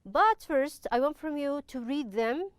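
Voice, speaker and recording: A middle-aged woman teacher, explaining a lesson step by step with frequent pauses. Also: sits high, animated, no room sound. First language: Arabic. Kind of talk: online classroom lesson.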